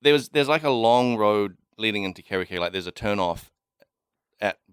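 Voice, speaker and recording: A man's voice: lowish voice, expressive, a little fast, smooth, dry recording, clean studio sound. A young man from New Zealand, speaking with its accent, co-hosting a podcast in a laid-back, rambling chat full of fillers. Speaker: podcast co-host. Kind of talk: casual chat.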